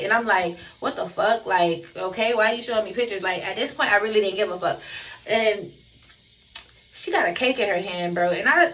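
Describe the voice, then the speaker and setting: A woman's voice: mid-range voice, pushed and bright. A young woman telling a story on her vlog, blunt and emphatic, cursing constantly. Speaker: vlogger.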